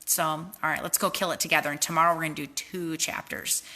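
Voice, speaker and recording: Bright-voiced, sleep-deprived woman host, encouraging. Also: low-pitched, fairly even intonation, fast talker. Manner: earnest, heartfelt, encouraging with faith language. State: tired from lack of sleep. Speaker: host, network marketing team leader. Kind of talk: motivational livestream talk.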